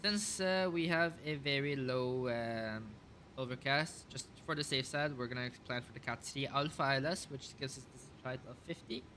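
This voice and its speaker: A man's voice: medium pitch, normal speed, sharp tone, slight background noise. A man casually talking through a simulated airliner flight, calling out checklist items and thinking aloud with many fillers. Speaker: flight sim streamer. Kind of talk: casual flight sim commentary.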